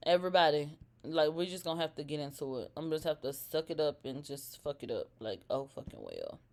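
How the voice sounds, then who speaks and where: A woman in her thirties hosting a live celebrity gossip stream, reading comments aloud and reacting in a profane, animated way, from a low drawl up to sudden shrieks. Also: fast, slight background noise.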